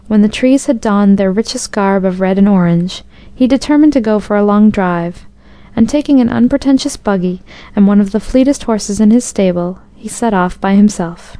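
A woman narrates a storybook tale in a steady, even-paced way. Her voice is warm and mellow with a smooth, clear tone. The recording is close and dry. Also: medium pitch, no echo.

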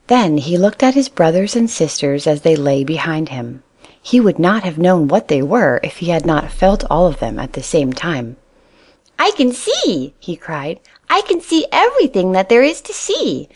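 A woman reading a children's animal story aloud in a calm, even way. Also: on the low side.

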